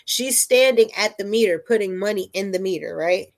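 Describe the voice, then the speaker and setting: A woman telling a story in casual chat, animated and profane, often checking in with "right?". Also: medium pitch, a little fast.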